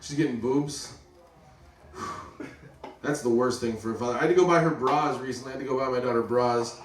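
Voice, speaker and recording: A man's voice: medium pitch, moderate pace, far from the mic, slight background noise. Profane rambling stand-up comedian man. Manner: rambling, profane, self-mocking. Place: comedy club stage. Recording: roomy club sound from off-mic, loud crowd laughter. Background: audience laughing.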